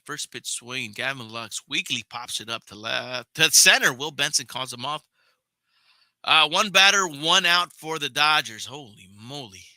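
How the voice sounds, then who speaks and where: Young man, casual baseball play-by-play, chatty, swears, talks to viewers, tense bright voice. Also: medium pitch, dry recording. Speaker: podcast host and play-by-play caller. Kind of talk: casual live play-by-play commentary.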